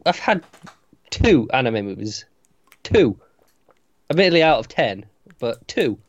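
A man co-hosting a casual movie-ranking chat, talking in a wry, lively way. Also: medium pitch, unhurried, dull audio. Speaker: podcast co-host ranking movies.

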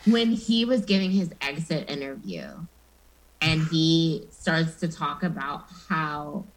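A woman co-hosting a podcast in casual chat, animated and quick to act out what others said. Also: sits low, low-quality recording. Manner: animated, quoting people in put-on voices. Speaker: podcast co-host.

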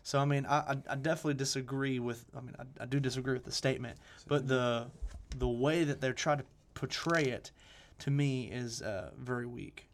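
A man's voice: mid-range voice, steady tone, fairly quick, few pauses. A man co-hosting a casual discussion podcast, talking earnestly with many restarts and fillers. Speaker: podcast co-host.

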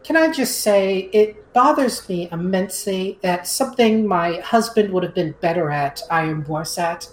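A young woman playing a tabletop game in casual chat, excitable, swearing freely and stammering when upset. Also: fairly low pitch, moderate pace, hardly any pauses, reverberant, low-quality recording.

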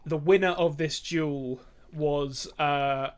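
A man co-hosting a film podcast in casual chat, talking things through with frequent ums and quick bursts. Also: on the high side, fairly even intonation, clean tone. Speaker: podcast co-host.

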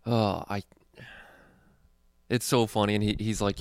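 A young man who does stand-up talks in a loose, rambling way, cursing freely as he goes. His voice sits low and has a gravelly fry to it. The sound is dry and close, with no room around it. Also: flat delivery, measured pace, no echo. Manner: rambling, profane, laid-back. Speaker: stand-up comedian. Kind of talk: casual chat.

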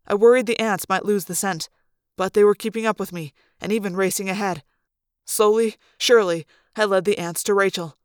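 A woman reading a first-person audiobook aloud in an expressive, dramatic way. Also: medium pitch, clear, resonant tone, dry recording, studio quality. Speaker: audiobook reader.

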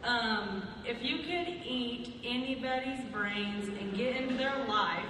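A woman puts her question to the panel slowly and politely, with many pauses. Her voice is pitched a little high. She sounds distant, with a big hall echoing behind her. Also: noisy background. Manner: hesitant, polite. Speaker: fan asking a question. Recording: echoey convention hall from far off.

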